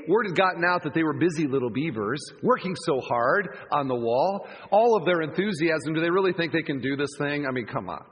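Animated, husky-voiced pastor in a reverberant hall. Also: male voice, fairly high pitch, brisk. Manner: animated storytelling with vivid asides. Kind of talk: sermon. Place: church campus auditorium. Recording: long church hall reverb.

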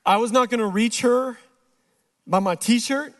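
A middle-aged male pastor giving a sermon, telling a personal story and acting out the dialogue, dropping quiet and slow for the serious moments. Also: very high-pitched.

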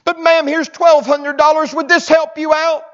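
Ex-ladro pentito e implorante, fatto da un predicatore, voce alta e tesa, del Sud degli Stati Uniti, registrazione spenta. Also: male voice, very high voice, level tone, normal speed, fairly bright tone, lo-fi sound, pitched above the performer's own voice. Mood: pleading. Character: remorseful repentant former thief, grown man.

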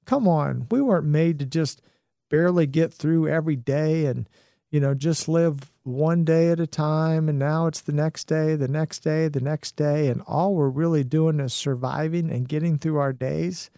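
A man's voice: on the high side, normal speed, creaky, mellow, dry recording, studio quality. A middle-aged man hosting a motivational talk, upbeat and encouraging, rambling with lots of fillers. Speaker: host.

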